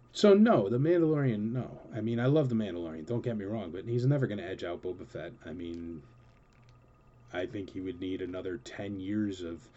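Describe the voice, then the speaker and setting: Rambling, enthusiastic man with a mellow voice. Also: fairly low pitch, muffled recording. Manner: rambling and enthusiastic, with many fillers. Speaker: collector show host answering viewer questions. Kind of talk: casual chatty Q&A.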